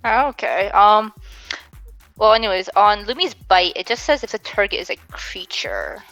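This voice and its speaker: A woman's voice: mid-range voice, sing-song, normal speed, vocal fry, fairly bright tone, highs cut off, faint music behind. A woman playing a tabletop game, hesitant with lots of ums. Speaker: player. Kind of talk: casual tabletop play.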